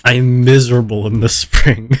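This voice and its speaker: A man's voice: medium pitch, level tone, moderate pace. Stuffy-nosed man ranting dramatically. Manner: rambling, melodramatic complaining. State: stuffy nose from allergies. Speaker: streamer. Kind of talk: casual live-stream chat.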